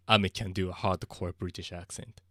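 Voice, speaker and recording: Japanese-accented male streamer, deep voice, halting English, chuckles a lot, dry sound. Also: steady tone, a bit bright, no room sound. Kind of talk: casual livestream chat.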